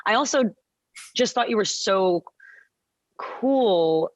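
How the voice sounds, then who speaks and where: Rambling actress, casual chat. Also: female voice, medium pitch, expressive, no room sound. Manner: fast rambling speech with many fillers and restarts. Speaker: actor interviewed about her film. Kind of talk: casual conversation.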